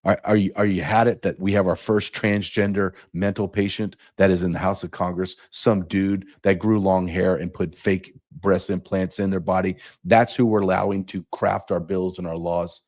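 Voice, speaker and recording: A man's voice: low voice, little pitch movement, moderate pace, few pauses, a little mellow. A middle-aged man hosting a podcast, delivering an angry, profane monologue full of rhetorical questions. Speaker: podcast host. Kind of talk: impassioned monologue.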